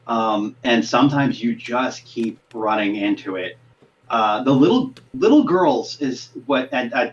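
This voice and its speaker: Voice actor explaining, dull lo-fi sound. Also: male voice, medium pitch. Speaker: voice actor and game master guest. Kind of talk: podcast interview.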